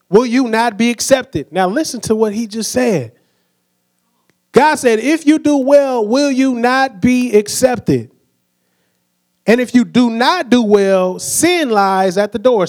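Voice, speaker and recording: A man preaching a sermon in a relaxed, conversational way, often asking his listeners questions and acting out quotes. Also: very high-pitched.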